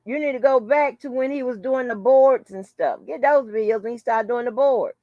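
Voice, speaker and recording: A blunt, foul-mouthed woman hosts a casual live-stream chat, greeting viewers by name. Her voice is on the high side at a normal speed, and the recording is dry with the highs cut off.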